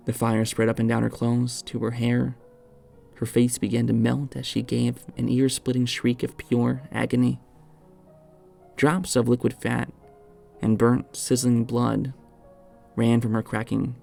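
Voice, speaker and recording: A man reading a horror story aloud in measured, dramatic scripted narration. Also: medium pitch, gravelly, darkish tone.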